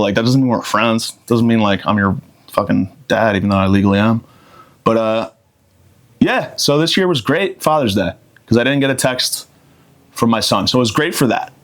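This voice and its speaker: A man hosting a podcast, delivering a crude, cocky comedic monologue in a deadpan manner. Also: fairly low pitch. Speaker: podcast host.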